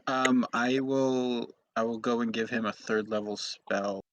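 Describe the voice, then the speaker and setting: A man's voice: medium pitch, fairly even intonation, a little slow, dull audio, noisy background. Easygoing male tabletop player. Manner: easygoing, hesitant with ums. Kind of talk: casual game chat.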